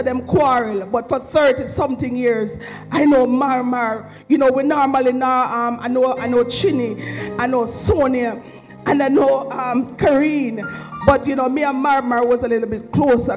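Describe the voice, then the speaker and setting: A woman's voice: high-pitched, steady tone, normal speed, darkish tone, soft background music, poor audio. Woman giving a tearful, rambling tribute. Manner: rambling, heartfelt, preacherly. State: emotional, near tears. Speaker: eulogy speaker at a memorial service. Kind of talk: emotional spoken tribute.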